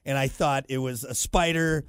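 A man's voice: mid-range voice, moderate pace, clear, resonant tone, no echo. A man hosting a morning radio show, telling stories with self-deprecating humor and reading ads. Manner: animated, self-deprecating storytelling with laughs. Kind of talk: morning radio banter and ad reads. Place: radio studio. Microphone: studio microphone.

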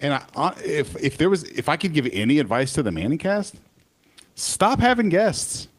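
A man's voice: fairly high pitch, breathy edge. A man hosting sports radio, chatting casually and opinionatedly about football broadcasters. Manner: animated, opinionated, quick restarts.

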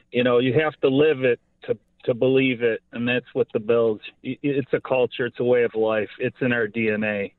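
A man's voice: mid-range voice, no echo. A man in his fifties from Buffalo, calling into a radio show and talking earnestly in a rambling way, full of "you know.". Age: 50s. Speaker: caller. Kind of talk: call-in radio chat. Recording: tinny phone line, dry.

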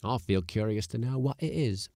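A man's voice: on the low side, normal speed, mellow, no room sound, studio quality, pitched above the performer's own voice, close to an everyday voice. A man voicing a careless, sardonic male ship's mate in a storybook reading. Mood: offhand. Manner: offhand and sardonic.

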